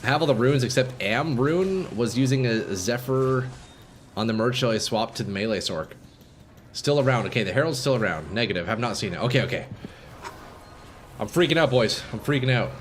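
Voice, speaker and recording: A man streaming live gameplay, commenting casually to his viewers and swinging from calm explanation to excited shouting. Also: mid-range voice, moderate pace, slight background noise. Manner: casual, profane, addresses chat as boys.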